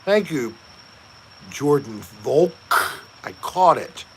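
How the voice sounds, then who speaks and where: Male host, gravelly, unhurried, jokey livestream chat, faint background hiss. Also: a little high, big pitch swings, darkish tone. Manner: slow, joking, reads chat aloud. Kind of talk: casual live-stream chat.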